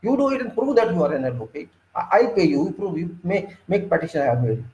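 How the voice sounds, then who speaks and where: A man's voice: big pitch swings, fast, a little mellow. A middle-aged man with an Indian English accent, an engineering consultant giving an informal lecture, emphatic and indignant. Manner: emphatic, indignant, swings sharply up in pitch. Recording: echoey room.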